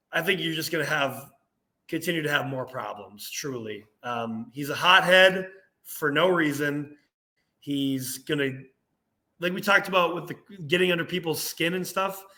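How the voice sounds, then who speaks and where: A young man co-hosting a casual sports podcast, ranting with animated energy and laughing at himself. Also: fairly high pitch, measured pace. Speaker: podcast co-host.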